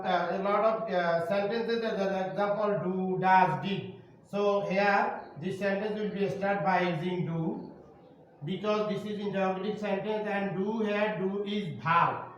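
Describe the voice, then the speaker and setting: Slow high-voiced Bangladeshi teacher, echoey. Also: male voice, fairly even intonation, dull audio. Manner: slow, repetitive explaining to students. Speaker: primary school English teacher. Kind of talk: online classroom lesson. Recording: roomy, distant, faint noise.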